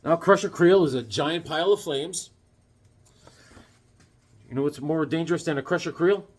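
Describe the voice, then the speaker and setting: A man's voice: on the high side, normal speed. A man hosting a casual comic book review, rambling and telling corny jokes as he talks. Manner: rambling and jokey, full of corny puns and asides. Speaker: comic book collector and channel host.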